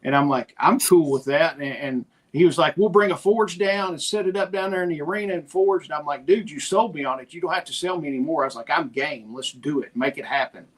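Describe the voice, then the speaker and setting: A middle-aged podcast co-host's voice sits on the high side, and he talks fairly quickly with few pauses. Chatting casually, he tells stories and animatedly retells conversations.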